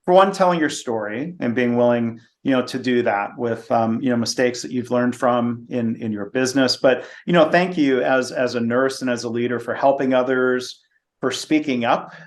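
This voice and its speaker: A man hosting a podcast who wraps up an interview in a measured, appreciative way, with frequent fillers. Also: medium pitch. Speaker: podcast host. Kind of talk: interview wrap-up.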